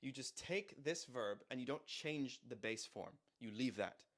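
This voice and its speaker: A man's voice: medium pitch, lively intonation, unhurried, a bit bright. Male language tutor, mid-range voice, patient and methodical, explains lyrics word by word. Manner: patient, repeats words and checks in with "right?". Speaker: language teacher. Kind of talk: explaining song lyrics line by line.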